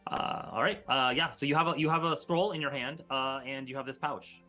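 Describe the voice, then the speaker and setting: A man's voice: medium pitch, steady tone, brisk, sharp tone, soft background music. A man running a tabletop game as game master, narrating casually with many fillers.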